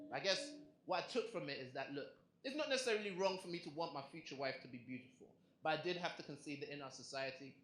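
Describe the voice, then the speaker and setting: A young English comedian works the room with punchy, chatty asides in a fairly high voice. His set rings around an echoey club, with the audience's laughter and clatter clearly behind him. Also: bright, forceful tone, slight background noise. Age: young adult. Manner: punchy, conversational delivery with asides to the crowd.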